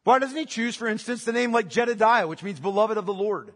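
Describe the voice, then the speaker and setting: A man's voice: high-pitched, fairly quick, big-room sound. A man preaching a sermon as pastor, emphatic, repeating key phrases and asking rhetorical questions.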